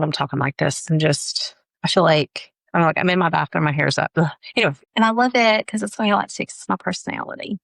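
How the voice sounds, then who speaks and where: A woman's voice: mid-range voice, creaky, a bit bright, no room sound. A woman in her forties, an esthetician, chatting through a casual tutorial in her home bathroom and repeating her instructions emphatically.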